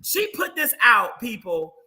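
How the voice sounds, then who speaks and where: High bright-voiced teasing man. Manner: animated, teasing, quick banter. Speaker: guest host. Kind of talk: casual chat.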